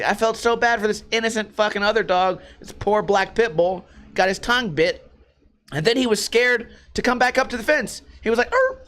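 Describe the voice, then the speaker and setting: A man telling stories about his week in a casual, profane vlog monologue, animated and swearing often. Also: extremely high pitch. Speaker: vlogger.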